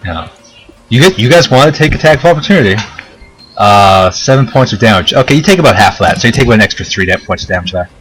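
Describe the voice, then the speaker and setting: A man as game master, explaining rules in a relaxed way with many fillers. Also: fairly low pitch, quick pace, faint music behind, rough recording. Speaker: dungeon master. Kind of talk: running a tabletop game.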